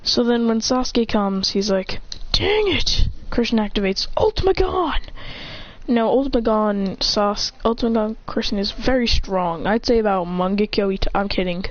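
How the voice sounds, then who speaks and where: A woman tells an improvised action fan story in a loose, casual way, jumping from narration into shouted attack names and gasps. Her voice sits at a middle pitch. The recording is dull and lo-fi. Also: fairly even intonation, moderate pace, hardly any pauses.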